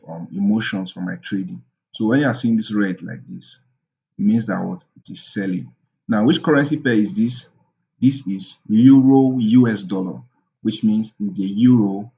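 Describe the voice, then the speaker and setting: Low-voiced man teaching forex, lo-fi. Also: vocal fry, dark tone. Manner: asks rhetorical questions and answers them, many ums. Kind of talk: casual screen-share tutorial.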